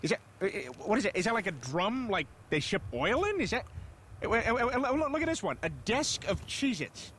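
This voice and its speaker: An actor playing a bumbling cartoon dad who stammers and blusters in exasperation. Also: male voice, high voice, big pitch swings, a little fast, fairly bright tone, a little hiss or hum. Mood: baffled.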